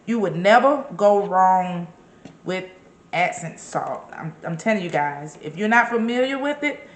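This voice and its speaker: A woman's voice: medium pitch, lively intonation, normal speed, roomy sound. A woman giving a casual, chatty cooking demonstration in her kitchen, encouraging the viewer with emphatic repeated words. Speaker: home cook and caterer.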